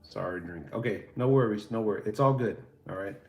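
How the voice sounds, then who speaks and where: Talking casually to his viewers, a livestream host rambles along in a relaxed, foul-mouthed manner. He speaks fairly quickly with a fairly low pitch, over faint music in a roomy, echoey space with a little hiss or hum.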